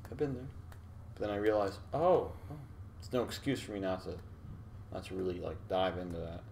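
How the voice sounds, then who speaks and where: A man's voice: low-pitched, fairly quick, vocal fry, darkish tone, slight background noise. A man co-hosting a podcast, chatting casually and making his points emphatically. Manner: emphatic, argumentative. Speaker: podcast co-host. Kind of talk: casual reaction chat.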